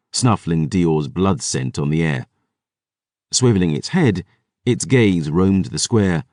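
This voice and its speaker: Deep-voiced, slow man narrating an audiobook. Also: darkish tone, dry recording, studio quality. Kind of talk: first-person audiobook narration.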